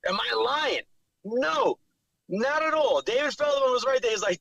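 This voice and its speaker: Brash New York fighter, bright high voice. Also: male voice, normal speed, creaky, long pauses, dry recording, low-quality recording. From New York City. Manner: brash, profane trash talk. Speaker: bare knuckle fighter, guest. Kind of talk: casual podcast interview.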